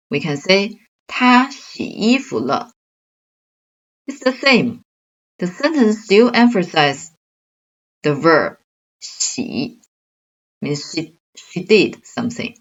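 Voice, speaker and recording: A woman teaching a grammar lesson, explaining slowly and carefully with examples. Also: fairly low pitch, slightly rough, muffled recording. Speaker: Chinese language teacher.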